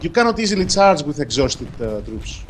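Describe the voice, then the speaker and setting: A man with a Greek accent speaks English as a second language, his voice sitting a little high for a man. He talks in a halting, formal way, filling pauses with "uh". A faint hiss of background noise runs under him. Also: very animated. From Greece. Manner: halting, formal phrasing with many fillers. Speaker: game developer. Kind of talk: casual gaming chat.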